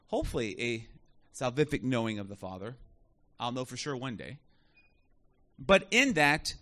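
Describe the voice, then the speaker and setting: Male pastor, thirties, high pitch, conversational sermon, questions to the congregation. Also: pushed and bright. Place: church.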